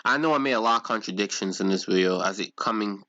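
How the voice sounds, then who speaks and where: A man's voice: fairly low pitch, fast talker, bright, forceful tone. A male streamer talks to his live chat in a ranting, incredulous way. He keeps firing rhetorical questions. His voice comes through dull, lo-fi stream audio.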